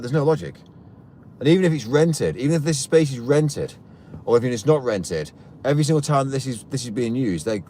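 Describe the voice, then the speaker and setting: Man, live-stream host, indignant rant, swinging pitch, inside a car. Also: a little mellow, slight background noise. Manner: heated, indignant, repetitive ranting. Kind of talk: ranting live-stream chat.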